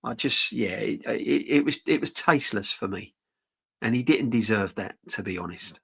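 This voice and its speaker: This middle-aged football host chats casually with viewers on a live stream, reading the chat and rambling frankly with frequent restarts. His fairly low voice is expressive, gravelly and husky, with a fairly bright tone, at normal speed.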